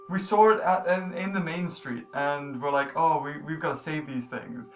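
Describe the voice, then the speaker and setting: A man hosting a casual movie review chat, excitable and tripping over his words. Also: on the high side, moderate pace, soft background music. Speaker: channel host. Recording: echoey room, mic at a distance.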